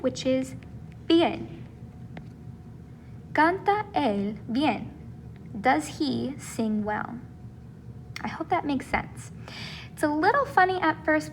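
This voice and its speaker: A high-pitched woman talks through a recorded lesson as a teacher, patient and encouraging as she walks through each step. A faint hiss sits under her voice. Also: fairly bright tone. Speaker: Spanish teacher.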